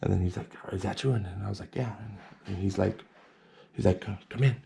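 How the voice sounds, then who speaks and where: A man's voice: lowish voice, fairly even intonation, brisk, vocal fry, dark tone. A man casually telling a personal story to the camera, rambling and repeating words, sometimes acting out other people in a whisper.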